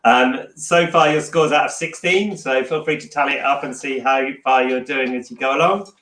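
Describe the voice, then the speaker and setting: A man hosting a casual home quiz livestream, talking loudly and reading song lyrics aloud with a laugh. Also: mid-range voice, moderate pace, echoey room. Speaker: quiz host.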